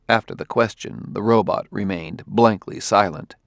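Gravelly low-voiced male narrator. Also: normal speed, hardly any pauses, dry recording, studio quality. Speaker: audiobook narrator. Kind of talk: audiobook narration.

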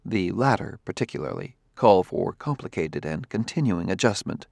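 A man voicing a calm, formal humanoid male robot with precise phrasing in an audiobook. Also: sits low, normal speed, gravelly, no echo, studio quality, exaggerated voice.

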